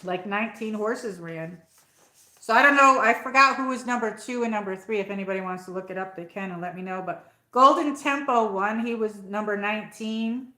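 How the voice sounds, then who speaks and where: A woman's voice: medium pitch, fairly quick, pushed and bright, roomy sound. A woman with an upstate New York accent hosting a rambling, casual live chat and reading out viewer comments. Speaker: livestream host.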